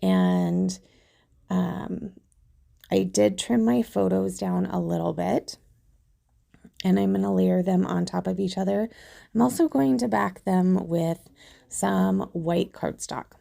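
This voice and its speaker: This woman talks through her crafting steps in a slow, unhurried way, her voice gone hoarse and full of gravel from being sick. The tone is dark and mellow, chatty and a little self-deprecating about how rough she sounds. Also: mid-range voice, steady tone. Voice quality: gravelly, husky. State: hoarse from illness. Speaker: craft video host. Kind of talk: casual craft tutorial narration.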